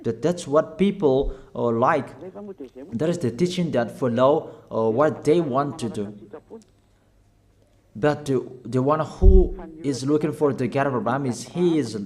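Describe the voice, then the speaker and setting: A man preaching a sermon in halting, non-fluent English, urging his listeners with short, repeated calls. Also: medium pitch, a little mellow. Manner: emphatic, repetitive exhortation in non-fluent English.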